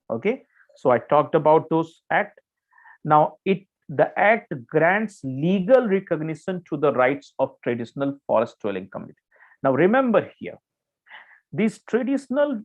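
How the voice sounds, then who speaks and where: Indian English man, exam-prep lecturer, slightly high voice, halting with fillers, tinny phone-like audio. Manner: explains with many restarts and fillers, checks in with "okay". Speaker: exam coaching teacher. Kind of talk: online current affairs lecture.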